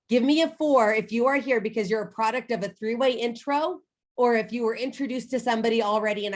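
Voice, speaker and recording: Woman, thirties, slightly high voice, motivational team speaker, emphatic and personal. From United States. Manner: emphatic, personal storytelling, addresses the audience directly. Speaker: guest speaker at a sales team training.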